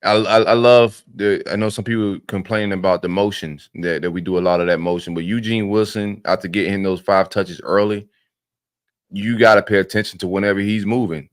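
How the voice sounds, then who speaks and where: Podcast co-host, low voice, dry close sound, excitable and stumbling. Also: male voice, brisk, dry recording. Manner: animated, repeats words when excited. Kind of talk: casual sports chat.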